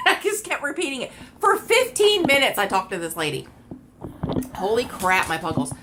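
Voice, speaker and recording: A woman vlogger telling a story in a casual rant, animated and exasperated, laughing and repeating herself. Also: a little high, fast.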